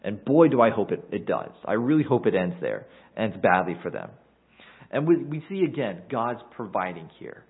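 Husky male preacher on a tinny line. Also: lowish voice, very animated, normal speed. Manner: earnest expository preaching, reading scripture aloud. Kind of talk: sermon. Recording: tinny phone-like recording.

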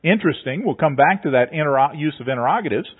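A man's voice: a little high, lively intonation, quick pace, husky. A man preaching a sermon, explaining a passage step by step in a teacherly way and often repeating words as he goes. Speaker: pastor. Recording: tinny phone-like sound.

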